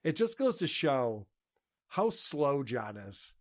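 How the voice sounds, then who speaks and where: A man's voice: medium pitch, sing-song, slow pace, darkish tone. A man hosting a podcast, casually mocking clips he plays and laughing often. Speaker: podcast host.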